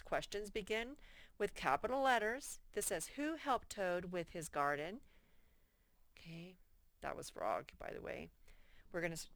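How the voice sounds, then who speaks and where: Slow, patient teacher woman, dry close sound. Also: fairly low pitch, no room sound. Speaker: first grade teacher. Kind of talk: reading lesson for young children.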